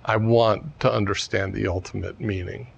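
A man's voice: lowish voice, steady tone, normal speed, vocal fry, breathy edge, muffled recording, heavily acted. A man quoting an earnest young scholar monk in a story, in his own voice.

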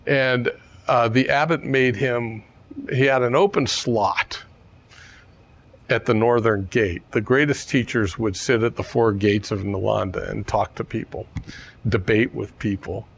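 A man's voice: medium pitch, fairly even intonation, measured pace, gravelly, lo-fi sound. A man telling a teaching story in a casual, digressive way with chuckling asides. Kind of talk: storytelling dharma talk.

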